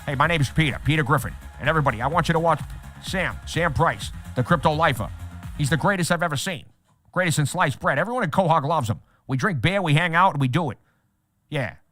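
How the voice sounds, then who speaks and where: A dopey, blustering cartoon dad, put on by a man with a slightly raised voice, rambling along goofily. He sounds loud and pushy, as a middle-aged cartoon father, with faint music underneath. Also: a little high, expressive, fast, no room sound. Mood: goofy blustering.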